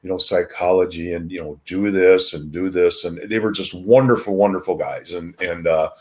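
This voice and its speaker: Brief: older male guest with a very low voice, easygoing storyteller, lots of ums and false starts. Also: steady tone, moderate pace. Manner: rambling with frequent ums and restarts. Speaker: retired wrestler, podcast guest. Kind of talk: casual anecdotal storytelling.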